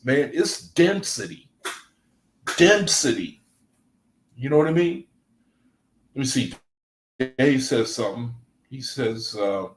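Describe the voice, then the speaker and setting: Reading scripture passages aloud between his comments, this Bible study leader keeps his livestream talk relaxed and conversational, frequently saying "man." His mid-range voice comes through a desk microphone in poor, roomy audio with a bit of hiss or hum.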